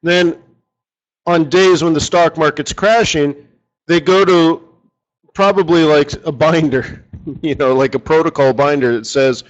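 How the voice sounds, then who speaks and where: A man's voice: on the high side, a little slow, muffled recording. A man running a live forex strategy session, talking casually and rambling, often asking his audience rhetorical questions.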